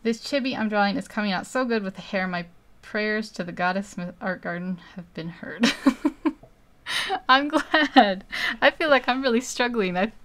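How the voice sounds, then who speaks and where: Woman, live-stream chat, smooth clear voice, rambling, laughs a lot. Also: mid-range voice, fairly bright tone. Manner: rambling, chatty, laughs often.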